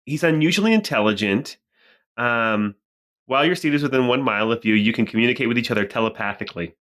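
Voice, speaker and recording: A man's voice: mid-range voice, fast talker, a bit bright. A man playing a tabletop game, chatty and joking. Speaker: player. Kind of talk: tabletop role-play.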